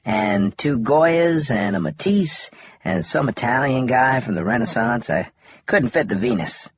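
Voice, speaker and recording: A man voicing a wry, easygoing young man in an audiobook, in a husky, laid-back joking manner. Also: mid-range voice, animated, measured pace, a little hiss or hum, voice pushed up, lightly acted. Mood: relaxed, wry. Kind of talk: audiobook dialogue.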